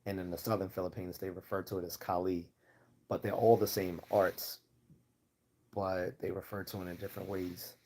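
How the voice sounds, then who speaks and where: A man's voice: sits low, level tone, normal speed, a little mellow, slight background noise. A man with a Baltimore accent hosting a livestream Q&A, answering viewer questions in a rambling, casual way with many fillers and restarts. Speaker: livestream host.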